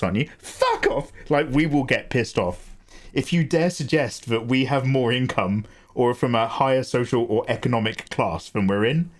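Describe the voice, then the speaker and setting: An English man chatting casually on an art livestream, talking in a rambling, sweary, tangential way. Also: on the low side. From England.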